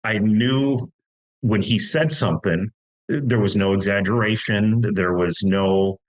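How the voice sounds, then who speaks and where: A man's voice: on the low side, unhurried, low-quality recording. A middle-aged American man telling a long story in casual talk, long-winded with many restarts. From United States. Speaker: podcast guest.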